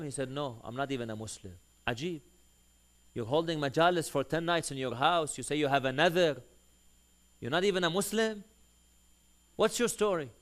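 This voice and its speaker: A man preaching a sermon, telling a long story and acting out the dialogue of its people. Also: medium pitch. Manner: animated storyteller who acts out quoted dialogue.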